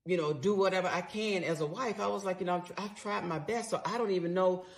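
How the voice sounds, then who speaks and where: A woman's voice: fairly low pitch, fast talker. A middle-aged woman telling a personal story in a candid, conversational way, swearing freely as she replays her side of the argument.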